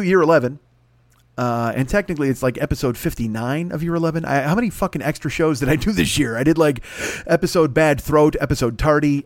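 A man's voice: a little high, no echo. A man in his forties hosting a solo comedy podcast, ranting in a profane, rambling, self-mocking way into a microphone. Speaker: podcast host. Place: hot room with air conditioning running. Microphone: studio microphone.

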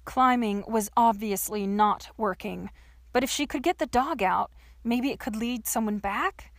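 A woman narrating a novel with expressive, dramatic storytelling. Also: a little high, measured pace, dry recording. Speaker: audiobook narrator. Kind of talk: scripted narration.

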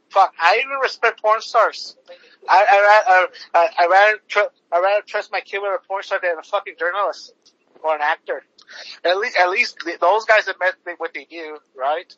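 A man's voice: high voice, moderate pace, sharp tone, dry recording. A man hosting a podcast, ranting casually with heavy swearing, lots of fillers and restarts. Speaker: podcast host. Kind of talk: casual profane podcast rant. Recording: dull lo-fi recording.

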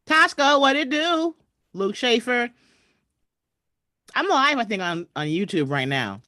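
A chatty woman comedian hosts her live stream and talks straight to her viewers. Her pitch leaps around as she talks, and the sound is dry and close on a webcam. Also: sing-song, unhurried, sharp tone, no echo. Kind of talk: casual live-stream chat. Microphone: webcam video call.

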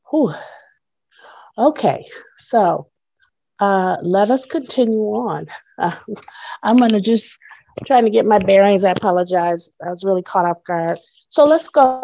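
Slow, breathless woman teaching over a call. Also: medium pitch, creaky, mellow, no room sound, dull audio. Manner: halting, with many fillers and pauses. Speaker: guest speaker. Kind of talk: teaching in an online Bible class. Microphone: video call.

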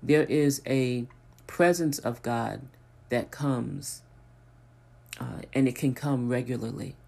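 A preacher delivering a sermon at an unhurried pace. Points come through emphatic repetition that builds in intensity, broken by hesitant restarts as the thought is found again. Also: mid-range voice, gravelly, a little mellow.

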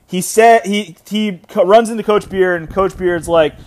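A man's voice: sits high, a little slow. A man hosting a solo podcast, talking casually and rambling with fillers and restarts. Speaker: podcast host. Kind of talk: solo podcast episode recap.

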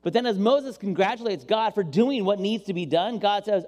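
A male pastor giving an animated, playful sermon and acting out voices, recorded with long hall reverb. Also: sits high, normal speed.

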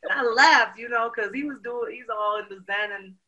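A woman, a guest in a casual interview, telling her story with energy and leaning on lots of "you know"s. Her voice has a bright, forceful edge that carries each line. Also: on the high side, normal speed, lo-fi sound. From Brooklyn, New York.

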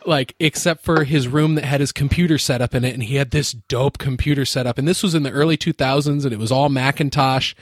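A man's voice: medium pitch, fairly even intonation, a little fast, hardly any pauses, no echo. Chatty American guy in a dry room. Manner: laid-back storytelling, says like often, laughs easily. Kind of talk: casual chat.

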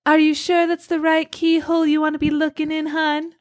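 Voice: high-pitched, monotone, brisk, pitched above the performer's own voice, lightly acted. A woman putting on a teasing painted pinup lady. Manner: breathy teasing put-on accent.

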